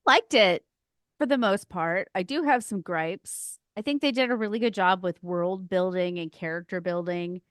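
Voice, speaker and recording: A woman co-hosting a podcast, giving relaxed, thoughtful opinions in casual chat. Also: on the low side, normal speed, dry recording, studio quality. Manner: relaxed, thoughtful film critique. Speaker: podcast co-host.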